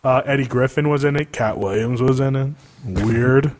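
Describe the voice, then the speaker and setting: A man's voice: medium pitch, moderate pace. A man hosting a podcast in casual, sarcastic chat, laughing often. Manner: animated, sarcastic, laughs a lot. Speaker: podcast host.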